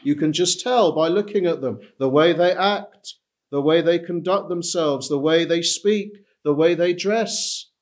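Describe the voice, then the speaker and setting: Slow, high-voiced male preacher. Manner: emphatic, repeats key phrases. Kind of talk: sermon.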